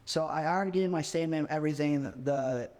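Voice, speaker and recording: A man's voice: a little high, fairly quick, in a large hall. A man in his twenties, a podcast guest, telling a story in a casual way and filling his speech with "like". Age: 20s. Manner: constant "like" fillers, animated.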